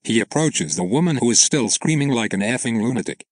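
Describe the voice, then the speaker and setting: A man's voice: mid-range voice, animated, a little fast, no echo. A man narrating an online story aloud in a plain, matter-of-fact way.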